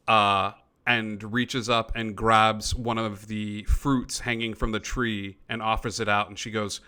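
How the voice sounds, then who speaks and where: A man's voice: lowish voice, level tone, a little slow, few pauses, sharp tone, clear, resonant tone. A man running a tabletop role-playing game as game master, narrating loosely with many uh and um fillers. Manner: loose, filler-heavy, frequent uh and um.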